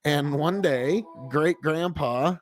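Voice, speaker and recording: A man hosting a casual livestream as a farmer, rambling and swearing freely, easily excited. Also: a little high, slow, faint music behind. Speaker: livestream host and seed farmer.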